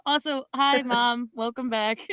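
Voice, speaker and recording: A woman's voice: on the high side, steady tone, a little slow, fairly bright tone, clear, resonant tone, no echo, clean studio sound. A young woman co-hosting a podcast, chatting casually in a rambling, giggly way and correcting herself often. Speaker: podcast co-host. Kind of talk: casual chat.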